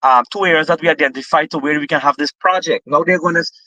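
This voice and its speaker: A man's voice: fairly high pitch, fast, pushed and bright, no echo, poor audio. A Guyanese man talking politics with passion, often restarting his sentences. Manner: impassioned, repetitive restarts. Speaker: political guest. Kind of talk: political discussion.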